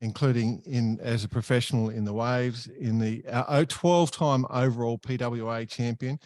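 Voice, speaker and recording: A man co-hosts a sailing chat show and welcomes his guest with real eagerness, laughing often. His voice sits at an ordinary middle pitch. The sound is dry, with no room echo. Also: steady tone, normal speed, a little mellow. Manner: enthusiastic, laughs a lot, introduces the guest. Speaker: podcast co-host. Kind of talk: casual chat.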